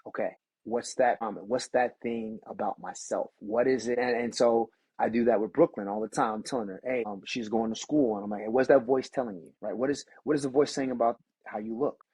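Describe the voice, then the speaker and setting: Husky middle-aged man, podcast guest, earnest storyteller, dry close mic. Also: mid-range voice, steady tone, brisk, darkish tone, no room sound, poor audio. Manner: earnest, storytelling, restarts often. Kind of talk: candid reflective conversation.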